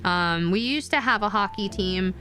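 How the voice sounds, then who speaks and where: Bright-voiced excitable woman streamer. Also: mid-range voice, normal speed. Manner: chatty, easily excited, talks to chat while working. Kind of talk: casual livestream chat while crafting.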